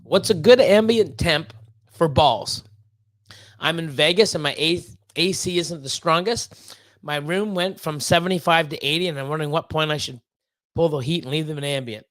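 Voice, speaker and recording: High-voiced rambling livestream host man. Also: normal speed, fairly bright tone, no echo. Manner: rambling, swearing, repeats words and fillers. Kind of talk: casual livestream chat.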